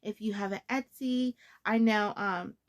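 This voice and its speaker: A woman vlogger in her thirties chatting casually to her viewers about crochet, bubbly and quick to giggle. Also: mid-range voice, fairly even intonation.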